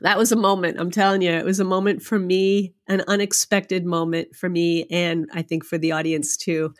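A woman guest on a podcast interview, telling a story in an animated, emotional way and laughing often. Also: on the low side, normal speed. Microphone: remote podcast microphone.

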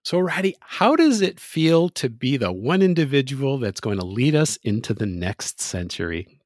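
A man asks prepared interview questions with eager enthusiasm, often building up to each question. His voice is at an average pitch for a man and sounds dry and close, with no room echo. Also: very animated, normal speed. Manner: enthusiastic, reads background from profile.

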